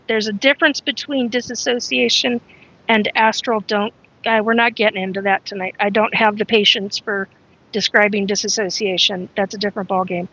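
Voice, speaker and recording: A woman's voice: a little high, pushed and bright, no room sound, muffled recording. A woman hosting a casual live stream, rambling frankly and greeting viewers by name as she talks. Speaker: livestream host.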